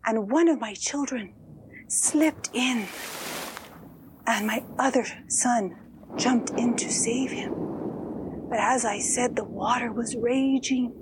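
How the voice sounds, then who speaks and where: A woman telling a story in the first person as a weeping ghost mother who lost her children, in a slow, sorrowful manner with sighs and soft whispers. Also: a little high, background noise.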